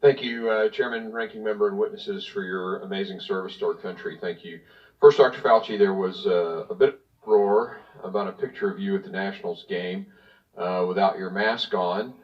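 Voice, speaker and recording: A man's voice: low-pitched, fairly even intonation, normal speed. A man from Tennessee, a congressman giving pointed, partisan prepared remarks at a hearing while reading from notes. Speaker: congressman questioning a witness. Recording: distant, dull hearing-room audio.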